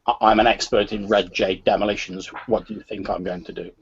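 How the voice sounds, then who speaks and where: A hard, vengeful gang woman who deals in demolitions, voiced by a man in his everyday register. She speaks low and steady, with a husky edge. The recording sounds dull and lo-fi. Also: a little fast. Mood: cold. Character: tough female gang demolitions expert, vengeful.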